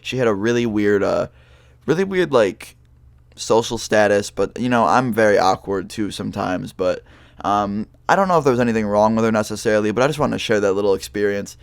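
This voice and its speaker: Rambling young man with a low voice. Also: fairly quick, gravelly, clear, resonant tone, no room sound. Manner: rambling, loose, heavy on fillers and swearing. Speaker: vlogger telling a story. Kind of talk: casual storytime monologue.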